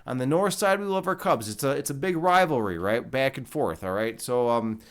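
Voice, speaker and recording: A man hosts a livestream and talks casually to his chat. He rambles loosely and swears freely, in a mid-pitched, ordinary voice. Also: moderate pace. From Chicago. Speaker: livestream host. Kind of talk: casual chat reading live comments.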